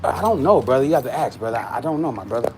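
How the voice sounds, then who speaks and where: Over background noise, an American livestream host chats casually with viewers in a mid-range voice, speaking rapid-fire with lively intonation. A bit worn out and yawning, he jokes around, talks slangy, and responds to the chat.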